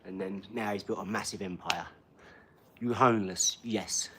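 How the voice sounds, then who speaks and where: A man's voice: on the low side, normal speed, heavy background noise. A man, chatting casually on a live stream and bantering with a troll in his comments.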